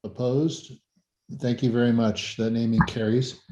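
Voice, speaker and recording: A man who is a university president, chairing a formal vote with brisk procedural phrasing. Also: mid-range voice, flat delivery, warm tone. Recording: dull echoey sound from far off.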